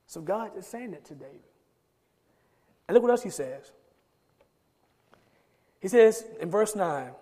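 Guy preaching a sermon, kinda high voice, big echoey church sound, gets loud and pleading. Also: big pitch swings, moderate pace. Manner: preaching, reads scripture aloud and rises into emphatic pleading. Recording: long hall reverb.

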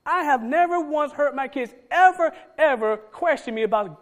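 A middle-aged man preaching a sermon, swinging between loud emphatic calls and soft low asides. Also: animated, normal speed. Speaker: pastor.

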